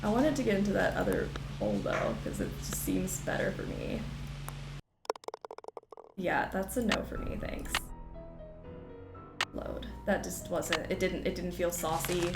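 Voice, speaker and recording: A woman's voice: lowish voice, animated, measured pace, gravelly, long pauses. A young woman streaming a game, chatting playfully and repeating herself as she plays. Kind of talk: casual gameplay commentary. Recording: roomy sound with game music behind. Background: game music.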